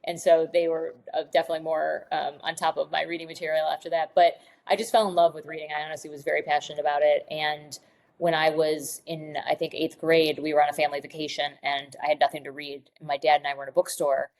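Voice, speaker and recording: Speaking quickly in a low, level, darkish voice, this screenwriter from Michigan is a guest on a laid-back podcast. She's a chatty storyteller who performs the quotes in her anecdotes, and the recording sounds rough.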